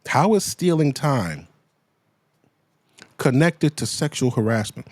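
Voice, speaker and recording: A man rants in crude, heated commentary, and his pitch swings up and down as he drives each point home. He keeps circling back with blunt rhetorical questions. The sound is close and dry, with no room behind it. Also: sing-song, slow pace, long pauses, a little mellow, dry recording. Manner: profane, heated, repeats himself. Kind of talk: ranting commentary.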